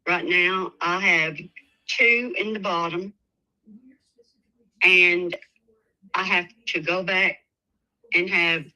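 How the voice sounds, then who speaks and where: Slow, soft-spoken Tennessee woman caller. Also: on the low side, steady tone, poor audio. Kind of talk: phone call to a show.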